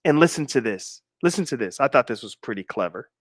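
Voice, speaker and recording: A man in his forties hosts a livestream, reading viewers' comments in laid-back banter and slowing into emphatic stress on his key points. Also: medium pitch, lively intonation, no echo, clean studio sound. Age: 40s. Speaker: livestream host.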